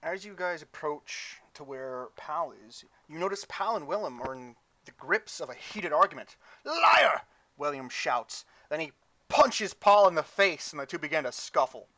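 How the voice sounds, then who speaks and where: Man, game master, casual, halting narration, higher pitch. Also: pushed and bright.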